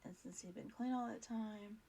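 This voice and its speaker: A woman's voice: a little high, moderate pace, gravelly, mellow. A woman vlog host telling a personal story in a casual, earnest, rambling way, full of fillers and restarts.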